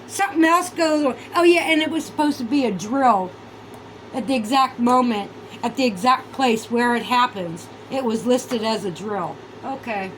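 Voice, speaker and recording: A woman's voice: a little high, moderate pace, a little hiss or hum, poor audio. A woman vlogger in a casual, heated monologue, swearing a lot and sounding sarcastic and incredulous. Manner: heated, profane, ranting.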